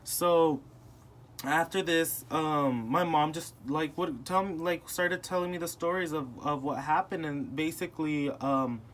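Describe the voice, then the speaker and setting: A young man speaks in a slightly high-pitched voice, talking casually and animatedly. He retells a family argument by acting out each person's lines. A faint hiss of noise sits under the recording. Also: unhurried. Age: young adult. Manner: animated, acting out family members in retold dialogue. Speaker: podcast host.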